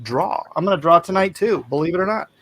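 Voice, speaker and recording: A man hosting a casual livestream, chatting and reading viewer comments aloud in animated bursts. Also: high voice, quick pace. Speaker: livestream host.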